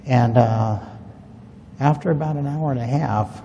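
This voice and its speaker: Mellow-voiced man telling a rambling tale. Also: mid-range voice, a little slow, gravelly, long reverb tail, a little hiss or hum. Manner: rambling, folksy anecdotal telling. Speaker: UFO witness telling his story. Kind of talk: casual spoken storytelling to a group.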